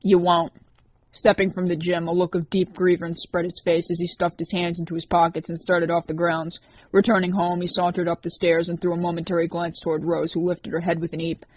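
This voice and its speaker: A woman narrating an audiobook in a steady, even reading voice. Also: lowish voice, a little fast, no echo.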